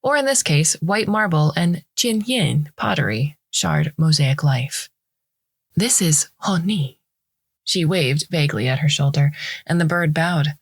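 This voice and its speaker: A woman reading a short story aloud in the first person, in a measured, wry storytelling manner. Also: sits low, expressive, vocal fry, breathy edge, dry recording, studio quality. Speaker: story reader. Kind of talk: scripted narration.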